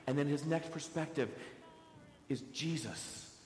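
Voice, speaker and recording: A man's voice: fairly high pitch, unhurried. A man preaching a sermon as pastor, asking many rhetorical questions and telling his listeners which words to underline, recorded in a church sanctuary. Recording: echoey church hall with long reverb.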